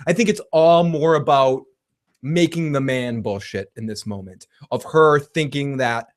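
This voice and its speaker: A man hosting a casual show that recaps a TV episode, excitable and profane, laughing often as he retells scenes and reads out viewer comments. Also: mid-range voice, measured pace. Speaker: podcast host reviewing a TV episode.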